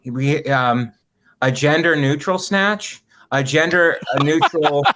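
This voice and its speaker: A man's voice: fairly high pitch, takes it slowly, fairly bright tone, slight background noise. A man co-hosting a comedy podcast, riffing playfully and slipping into mock-stern bits. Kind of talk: casual comedy podcast banter.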